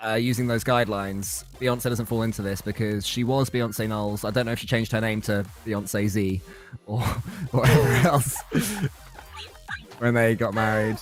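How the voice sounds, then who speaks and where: A man's voice: lowish voice, fairly even intonation, normal speed, faint music behind. A young man co-hosting an esports show, bantering with playful, argumentative asides. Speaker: esports co-caster. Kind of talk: casual banter between matches.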